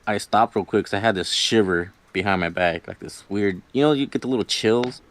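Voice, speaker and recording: A man with a lowish voice tells a spooky story from his own life. His delivery is loose and rambling, packed with filler words, and he acts out what he said back then. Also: a little fast, slight background noise. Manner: rambling, lots of "like" and "you know", quotes himself. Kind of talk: casual spoken storytelling.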